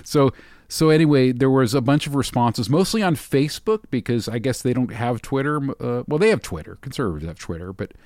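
A man co-hosting a podcast in casual chat, talking in an animated, rambling way with many restarts. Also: medium pitch, a little fast, no room sound, studio quality. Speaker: podcast co-host.

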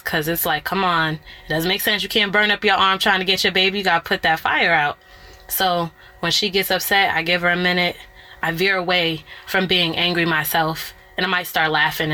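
Woman, single-mom guest; low, bright and forceful; candid, lively storyteller. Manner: candid, lively, acts out scenes with family. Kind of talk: casual conversational storytelling.

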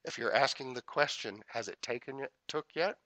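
A man teaching a spiritual talk, repeating affirmations in a measured rhythm, with folksy humorous asides. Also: medium pitch, sharp tone, no room sound. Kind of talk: inspirational talk.

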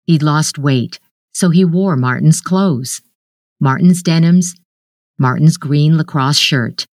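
A woman narrating a literary short story in a measured, even storytelling manner. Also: sits low, no room sound, clean studio sound.

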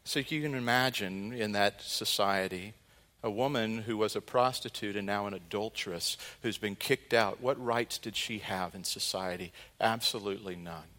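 A male pastor preaching a sermon, telling a story earnestly and dramatically, moving between loud and hushed delivery. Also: lowish voice, moderate pace, few pauses.

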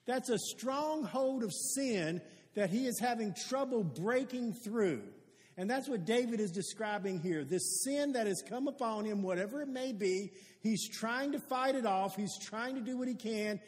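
A man's voice: high voice, a little mellow. A man preaching a sermon as pastor, earnest and conversational, often restarting his sentences. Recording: long hall reverb.

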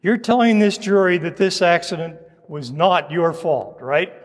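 Male actor as a badgering courtroom lawyer, high pitch, sarcastic, long room echo. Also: measured pace. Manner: pointed, sarcastic questioning. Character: combative male trial lawyer cross-examining a witness.

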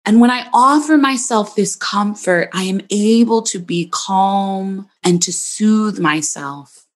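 A woman hosting her own podcast, speaking in a gentle, soothing, reflective monologue. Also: mid-range voice, takes it slowly. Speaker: podcast host and psychologist.

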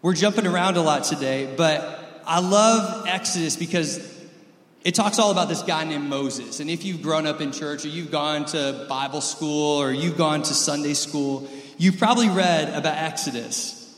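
A man in his thirties preaching a sermon and telling stories, moving between loud lively stretches and soft close ones. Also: fairly high pitch, moderate pace, reverberant, in a large hall. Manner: storytelling, swings from loud and lively to soft and intimate. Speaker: pastor.

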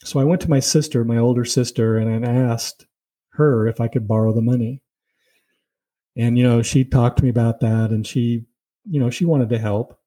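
Very dark-voiced man teaching a Bible lesson. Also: medium pitch, steady tone, moderate pace, rough recording. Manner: conversational, tells personal stories; explains points with "see" and "you know".

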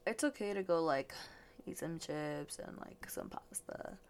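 A woman's voice: deep voice, lively intonation, unhurried, vocal fry. A young woman hosting a casual solo podcast, swearing freely and laughing often, a little stuffy and yawning. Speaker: podcast host.

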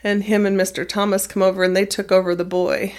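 A woman teacher calmly recounting a personal experience in an interview, measured and plain-spoken. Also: medium pitch. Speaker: middle school math teacher.

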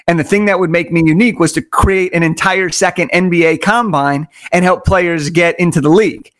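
Male guest with a slightly high voice, an enthusiastic storyteller who hammers his points home. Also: a little fast. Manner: energetic, enthusiastic, emphatic repetition. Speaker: podcast guest. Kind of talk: conversational storytelling.

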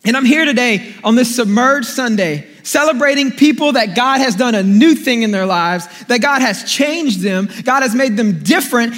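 A young male pastor with a notably high voice preaches to his congregation, spinning a funny, animated story and calling on the room to respond. His voice rings out with the long reverb of a large church hall. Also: moderate pace, few pauses. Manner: animated storytelling, playful and jokey, calls out to congregation. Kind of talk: sermon.

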